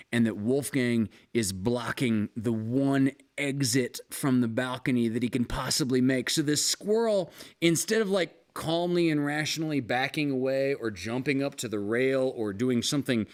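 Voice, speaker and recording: Animated, rambling male stream host. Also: medium pitch. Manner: rambling storyteller, animated, swears casually. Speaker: musician host of a live stream. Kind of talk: casual live-stream chat. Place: home, with balcony and fire pit.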